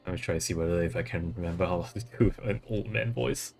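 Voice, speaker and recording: A man streaming a fantasy game makes a casual, self-aware aside. His voice is low and gravelly. Faint game music plays underneath. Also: quick pace, darkish tone.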